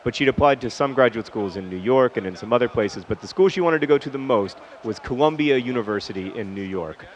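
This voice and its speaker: A man's voice: medium pitch, fast talker, hardly any pauses. A man hosting a gaming video, telling a personal story in a casual, rambling way and breaking off mid-sentence to comment on the match. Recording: dull lo-fi recording, faint hiss.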